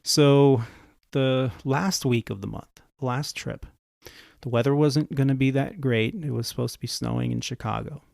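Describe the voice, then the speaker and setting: A man's voice: medium pitch, normal speed, gravelly, darkish tone, no echo, clean studio sound. A man who hosts a podcast and flies for an airline, telling anecdotes in a conversational way and acting out the other people in his stories. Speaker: podcast host and airline pilot. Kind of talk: casual anecdotal storytelling.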